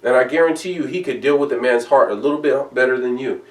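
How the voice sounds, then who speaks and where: A man's voice: medium pitch, fast talker. A man preaching a sermon in an emphatic, conversational way, reading scripture aloud. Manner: emphatic, conversational preaching, reads King James verses aloud. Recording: echoey room from a distance.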